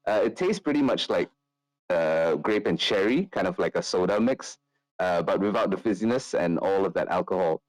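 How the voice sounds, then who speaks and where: A man's voice: sits low, animated, moderate pace, no echo, poor audio. A man narrating a tabletop game as game master, chatty and full of fillers.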